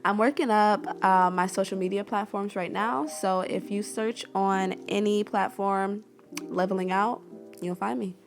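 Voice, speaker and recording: A woman's voice: mid-range voice, steady tone, a little slow, faint music behind. A woman hosting her own podcast, talking casually and reflectively in a solo monologue with a self-deprecating touch. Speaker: podcast host.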